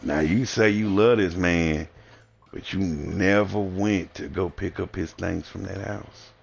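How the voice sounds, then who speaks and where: A man's voice: low voice, a little slow, creaky, slightly rough. A man with a Southern American accent, livestreaming a blunt, rambling and profane casual monologue. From Southern United States.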